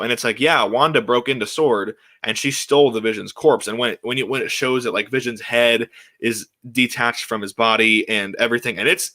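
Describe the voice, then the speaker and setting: Excited young man rambling on a show. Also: medium pitch. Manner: excited, rambling, many restarts and fillers. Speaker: podcast host. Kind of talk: casual solo chat.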